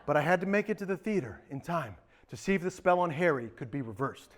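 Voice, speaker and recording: A man's voice: fairly high pitch, fast. A man performing a campy comic storytelling monologue on a theatre stage. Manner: campy, animated.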